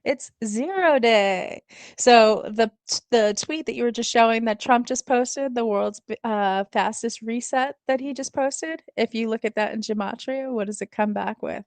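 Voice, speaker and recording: A woman's voice: on the high side, moderate pace, no room sound. A woman guest on a livestream talk show, explaining her ideas in a confident, casual way.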